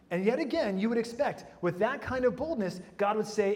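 Guy preaching a sermon, kinda high voice, jokey asides, lots of restarts, big echoey hall. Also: fairly quick, hardly any pauses. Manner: lively, humorous asides, frequent restarts.

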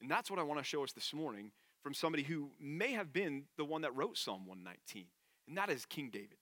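A man's voice: on the high side, sing-song, fast, a bit bright, no room sound. A man preaching a sermon in an earnest, conversational way. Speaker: pastor.

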